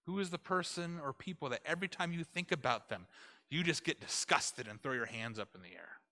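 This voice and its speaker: A male preacher tells a story in a casual, conversational way, his voice very bright and cutting. His pitch sits a bit high and swings widely, and he keeps turning to his listeners with rhetorical questions. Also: lively intonation, brisk.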